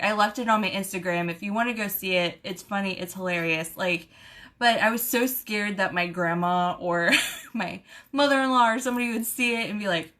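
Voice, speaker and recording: A woman with a twang chats through a live video at a middle pitch. She talks fast and animated, with a lot of laughing and "y'all" thrown in. It sounds like a casual live stream recorded on a camera mic. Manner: chatty, animated storytelling with laughs. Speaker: beauty vlogger host.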